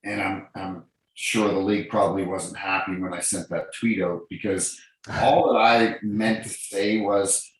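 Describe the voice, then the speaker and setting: The speaker, a former hockey referee from New Brunswick, Canada, is a deep-voiced man giving casual interview talk as a guest. He speaks unhurriedly with fairly even intonation, earnestly telling anecdotes while repeating and restarting phrases, and the room is echoey.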